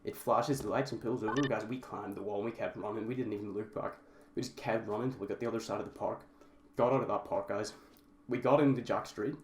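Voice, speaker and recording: A young man casually telling a story to his viewers, rambling and often calling them guys. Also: on the low side. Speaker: vlogger. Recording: roomy echo, faint background noise.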